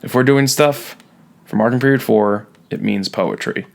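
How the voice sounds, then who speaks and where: A man's voice: mid-range voice, normal speed, gravelly. A man teaching a recorded lesson, playful and jokey, leaning hard on key words. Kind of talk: recorded classroom lecture.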